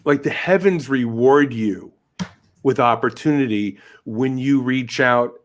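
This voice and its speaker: A man's voice: mid-range voice, unhurried. A man hosting a podcast interview, musing in an encouraging, reflective way. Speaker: podcast host. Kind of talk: casual interview chat.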